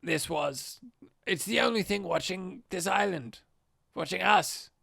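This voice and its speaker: A podcast co-host voicing a haunted, obsessed male site director in a put-on accent. The delivery is slow and halting, swinging between murmurs and outbursts. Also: medium pitch, gravelly, fairly bright tone, husky, dry recording, studio quality, heavily acted. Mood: brooding. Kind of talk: dramatic reading of a log.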